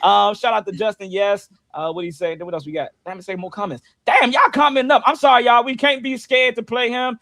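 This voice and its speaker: Young male host, high voice, easygoing; gives shout-outs and answers comments on a live sports stream. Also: steady tone, fairly quick, creaky, hardly any pauses, no echo. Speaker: podcast host reading live chat. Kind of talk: casual sports talk stream.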